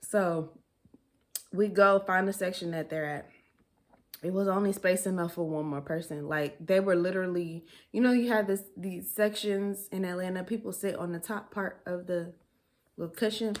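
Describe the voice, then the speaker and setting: A woman's voice: on the low side, moderate pace. A young woman telling a personal story in a casual, chatty way, laughing often and using dialect grammar. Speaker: storytime vlogger.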